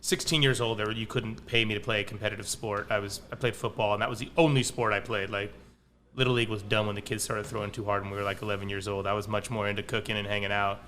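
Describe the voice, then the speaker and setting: A man's voice: fairly low pitch, little pitch movement, fast, sharp tone, slight background noise. A man who owns a pizza restaurant, talking casually as a podcast guest in a rambling way, full of restarts and fillers. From Palo Alto, California. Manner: rambling, frequent likes and restarts.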